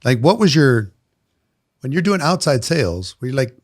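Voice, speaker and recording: A man's voice: mid-range voice, very animated, moderate pace. A man hosting an interview, asking conversational questions and reacting briefly. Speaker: interview host.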